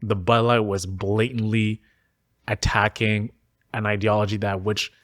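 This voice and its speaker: A man hosting a talk show, reading out commentary in a measured, steady way. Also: fairly low pitch, no room sound, clean studio sound. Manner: measured and steady when reading, brief agreeing replies in chat. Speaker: podcast host. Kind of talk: reading out commentary and casual chat.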